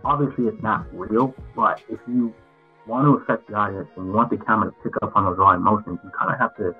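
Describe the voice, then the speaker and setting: A man's voice: lowish voice, fast talker, slightly rough. A man, an actor as interview guest, answering frankly and reflectively, often restarting his sentences. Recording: tinny phone-like line with faint music.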